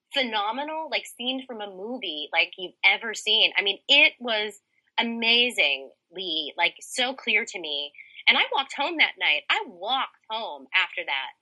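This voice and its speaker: A woman in her thirties, a podcast guest telling a personal story in an animated, chatty way and saying "like" often. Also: mid-range voice, low-quality recording. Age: 30s. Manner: animated, chatty, heavy use of "like".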